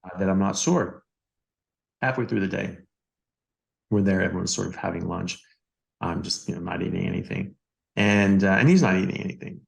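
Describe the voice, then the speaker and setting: On a podcast, a doctor guest recounts a story a little fast in a deep, gravelly voice. His loose, lively delivery keeps circling around with fillers and words said twice.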